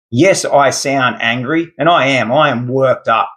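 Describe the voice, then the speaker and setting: A man's voice: mid-range voice, measured pace, hardly any pauses, fairly bright tone. A man delivering an angry, lecturing monologue rant as a podcast host. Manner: indignant, lecturing, formal words.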